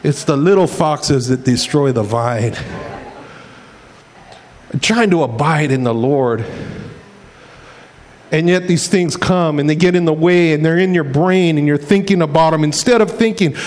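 A man preaching in a relaxed, conversational way, spinning everyday stories into a lesson. His voice sits high for a man, and he colors his quotes with playful voices. He tosses in "man" like he's chatting with friends. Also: a little slow, pauses often, a little hiss or hum. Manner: animated, acts out quotes in voices; folksy, says "man" often. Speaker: pastor. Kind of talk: casual storytelling sermon.

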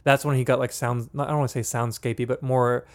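A man co-hosting a music podcast, talking in a casual, hesitant way with many pauses and restarts. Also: medium pitch, little pitch movement. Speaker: podcast co-host. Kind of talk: casual chat.

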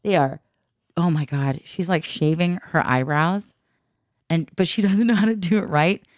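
A woman with a notably low voice chats and tells stories with plenty of laughter, acting out everyone she quotes. Her sound is dry and close, with no room around it. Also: normal speed, no echo. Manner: chatty storyteller, laughs often, acts out quotes. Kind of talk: casual chat.

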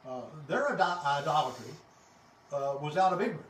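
A man joining a casual Bible discussion, speaking earnestly with a halting, restarting manner. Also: fairly high pitch, big pitch swings, a little hiss or hum. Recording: roomy, distant mic with faint ambience.

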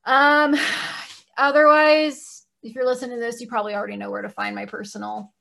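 A high-voiced woman co-hosting a casual podcast. She is blunt and emphatic, drops frequent swear words, and pushes her points hard. Her tone is bright and forceful. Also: level tone, a little fast, gravelly. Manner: blunt, profane, emphatic ranting. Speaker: podcast co-host.

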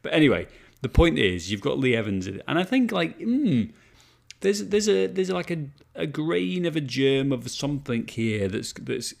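A man's voice: fairly high pitch, expressive, normal speed, creaky, darkish tone. A man co-hosting a podcast, chatting casually about a movie with lots of swearing and restarts. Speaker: podcast co-host. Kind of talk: casual movie review chat.

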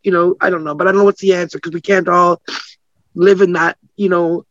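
A woman's voice: lowish voice, steady tone, fairly quick, no echo. A woman being interviewed as a guest, talking animatedly, acting out quoted voices and laughing often. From Canada. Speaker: guest publicist. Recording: slightly muffled, dry sound.

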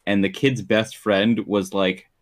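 A man's voice: fairly low pitch, little pitch movement, unhurried. A man in casual chat who is blunt and swears as he complains.

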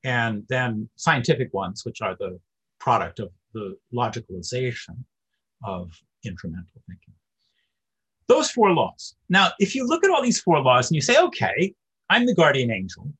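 Very husky, lively male lecturer. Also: mid-range voice, normal speed, low-quality recording. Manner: discursive, with many fillers. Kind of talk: academic lecture.

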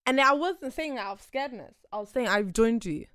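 A young woman tells a story in a casual podcast chat, her voice high and swinging widely, breaking into loud excited bursts. Her tone is bright and the sound is dry and close. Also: a little fast, clean tone, no room sound. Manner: animated storytelling, loud excited outbursts, laughing often. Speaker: podcast co-host.

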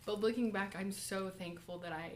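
A young woman in a church college group, giving a personal testimony and short lesson, talking softly and haltingly with many fillers and nervous laughs. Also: mid-range voice, fairly even intonation, slight background noise. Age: young adult.

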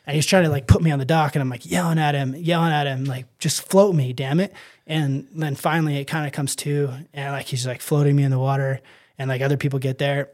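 A man's voice: mid-range voice, little pitch movement, quick pace. A man telling his own story in a casual interview, rambling with many fillers and acting out his own thoughts. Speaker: guest.

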